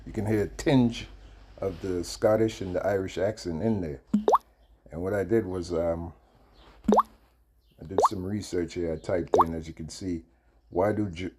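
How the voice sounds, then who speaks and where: A man's voice: deep voice, measured pace, background noise. A man hosting his channel, giving casual commentary that rambles with many fillers while he reads text aloud. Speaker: channel host.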